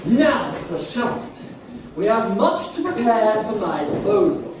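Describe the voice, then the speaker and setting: An actor playing a vain, boastful village brute with a pompous, drawn-out delivery on a theatre stage, heard from far off in an echoey hall. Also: male voice, sits high, sing-song, background noise, heavily acted. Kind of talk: pantomime stage acting.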